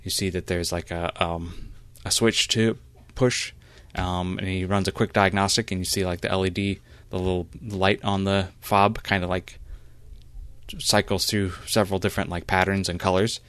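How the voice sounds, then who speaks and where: Deep-voiced guy running a roleplay, lots of ums and uhs, super dry close sound. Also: flat delivery, a bit bright, clean tone, no echo. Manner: halting, many fillers. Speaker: game master. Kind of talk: narrating a role-play.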